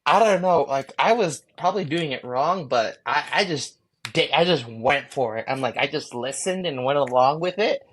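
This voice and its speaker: A man, a guest on an interview show, telling his story candidly and profanely, acting out his own thoughts in lively bursts. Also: on the high side, moderate pace, slight background noise.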